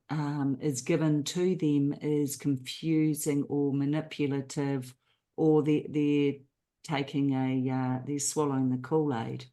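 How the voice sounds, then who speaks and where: A woman speaking as a panelist, emphatic and deliberate with a joking edge. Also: low-pitched, darkish tone. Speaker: panelist, author. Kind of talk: casual panel discussion.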